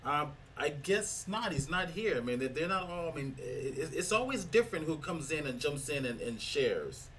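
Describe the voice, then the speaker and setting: A man's voice: a little high, very animated, normal speed, hardly any pauses, fairly bright tone. A man hosting an online meetup on a video call, easygoing and talking through what he does on screen. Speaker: meeting host. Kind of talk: casual online meetup chat. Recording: distant mic with faint noise.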